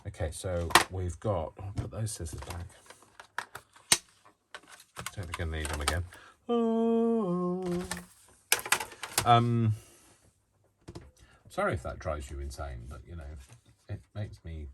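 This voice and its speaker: A man with a low voice chats his way through a crafting tutorial. He wanders off into self-mocking asides. His faulty microphone buries the voice in loud noise. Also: moderate pace, long pauses. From United Kingdom. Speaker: crafting channel host.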